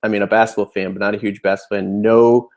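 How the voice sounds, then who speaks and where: A man's voice: lowish voice, little pitch movement, quick pace. A young adult man, a sports fan vlogger, rambling through a fired-up game recap with many fillers and restarts. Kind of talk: casual game recap rant.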